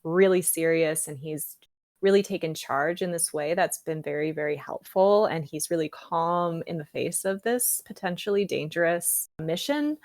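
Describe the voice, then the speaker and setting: A woman's voice: on the low side, no room sound, clean studio sound. A young woman co-hosting a podcast, eagerly retelling a book's scenes in casual chat full of fillers. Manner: animated retelling with many fillers. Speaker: podcast co-host. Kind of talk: casual book discussion.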